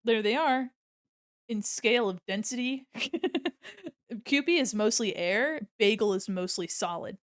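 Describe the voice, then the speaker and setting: A woman's voice: fairly high pitch, expressive, measured pace, no echo. A young adult woman streaming casually while she draws, rambling and giggling often and swearing freely.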